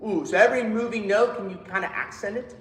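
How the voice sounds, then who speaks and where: A man's voice: high voice, quick pace, echoey room, poor audio. A man leading a choir rehearsal, coaching the singers, counting them in and singing short phrases to show them. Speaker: choir director. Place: rehearsal room.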